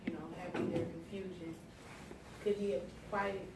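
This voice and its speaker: A woman's voice: lowish voice, level tone, moderate pace, vocal fry. A woman in a Bible study group asking a hesitant question. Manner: soft, hesitant, with fillers. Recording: distant mic, echoey room, loud noise.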